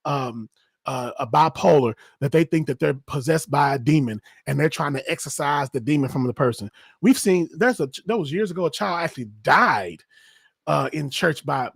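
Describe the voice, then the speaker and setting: A man's voice: a little high, gravelly, husky, dry recording, studio quality. A man hosting a podcast, talking in an impassioned, emphatic way in casual discussion. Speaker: podcast host.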